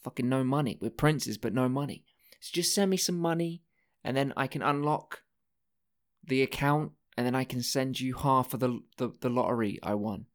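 A man doing a broke scam-email prince who wheedles and pushes for cash, cursing as he begs. His pitch stays in a middling range throughout. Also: normal speed, natural voice. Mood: wheedling. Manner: wheedling, pushy, profane.

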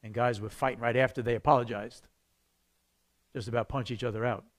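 A man, a pastor, teaching a church evangelism class in a conversational, animated way, acting out the voices he quotes. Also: medium pitch, fairly quick.

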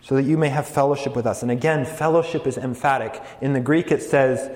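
Earnest preacher in an echoey hall. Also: male voice, medium pitch, steady tone, a little fast, darkish tone. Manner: earnest, builds emphasis, light jokes. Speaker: campus ministry preacher. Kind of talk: sermon to college students. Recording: echoey hall with long reverb.

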